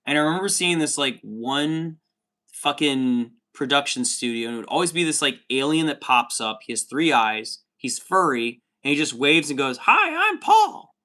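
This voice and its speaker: Streamer, male, thirties, bright tense voice, rambling and profane, calls everyone dude. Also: medium pitch, moderate pace. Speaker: livestream host reading chat. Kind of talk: casual chat.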